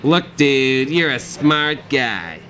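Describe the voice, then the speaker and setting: A man's voice: medium pitch, big pitch swings, slow, sharp tone, soft background music, full character voice. A man voicing a pushy, lecturing recovery zealot who talks down to his listener. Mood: preachy. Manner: lecturing, condescending.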